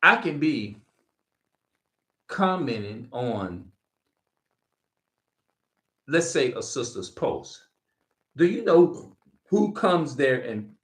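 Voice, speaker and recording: A man's voice: mid-range voice, a bit bright. A man preaching informally to camera, reading verses and repeating his points with heavy profanity. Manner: emphatic, profane, repeats himself. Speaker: street preacher.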